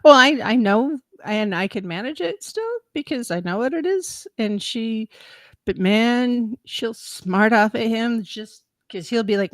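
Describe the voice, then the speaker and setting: A woman's voice: a little high, unhurried, no room sound. A woman in her thirties chatting casually as a podcast co-host, telling stories with laughs and acted-out quotes. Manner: animated, laughing storyteller who acts out quotes. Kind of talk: casual chat, storytelling.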